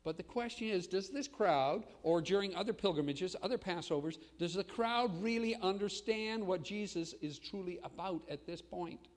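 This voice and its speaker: A man preaching a sermon as pastor, swinging between loud proclamation and hushed asides. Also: sits high, moderate pace, hardly any pauses, big-room sound.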